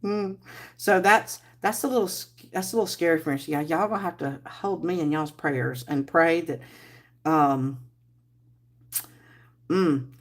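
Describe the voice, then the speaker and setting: A woman's voice: deep voice, unhurried, pauses often. A woman hosting a casual livestream, rambling and chatting with viewers while she crafts. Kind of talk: casual live-stream chat while crafting.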